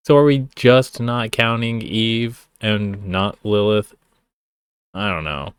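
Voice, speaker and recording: A man's voice: on the low side, fairly even intonation, takes it slowly, clean tone, no echo, studio quality. A young man giving casual stream commentary, sarcastic and profane, wandering off into rambling asides. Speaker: streamer reacting to a song.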